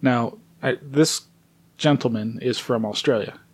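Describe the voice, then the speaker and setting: A man's voice: medium pitch, unhurried, husky. A man co-hosting a podcast, joking and swearing in casual banter. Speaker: podcast co-host. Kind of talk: casual chat.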